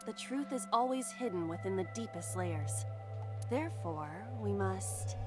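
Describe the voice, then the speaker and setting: A woman voicing a calm female AI partner in a video game, explaining things in a composed, matter-of-fact way. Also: mid-range voice, unhurried, natural voice. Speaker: game character. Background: game music.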